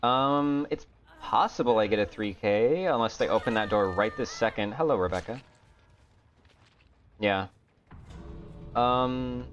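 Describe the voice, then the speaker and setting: A man streaming a game, talking to himself in a low-energy, grumbling way and swearing often. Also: a little slow, pauses often, faint music behind. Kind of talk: casual gameplay commentary. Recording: dull lo-fi stream audio.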